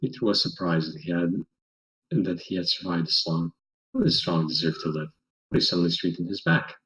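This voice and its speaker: A man reading a fan story aloud to friends in a voice chat, measured, with stumbles and restarts. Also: sits low, lively intonation, fairly bright tone, rough recording. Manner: reads in a plain measured way with stumbles and chuckles. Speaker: story reader.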